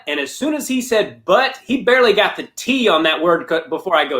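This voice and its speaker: A man's voice: on the high side, sing-song, moderate pace, fairly bright tone. A man who works as a comedian and podcast host, talking in casual chat, rambling with many restarts and laughing at himself.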